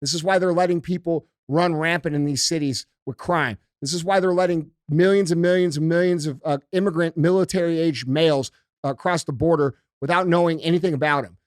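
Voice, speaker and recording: A man's voice: on the high side, fairly even intonation, fairly quick, dry recording, clean studio sound. A man hosting a podcast, ranting emphatically and heatedly with heavy profanity. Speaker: podcast host. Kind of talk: casual podcast rant.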